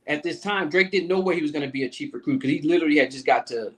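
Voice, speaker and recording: A man with a slightly high voice tells a long workplace story in relaxed, salty podcast talk. He slips into other people's voices as he recounts what they said. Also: rapid-fire. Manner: animated storyteller acting out the people he quotes; loose, profane, talkative. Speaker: podcast guest, Navy command master chief. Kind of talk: casual storytelling interview.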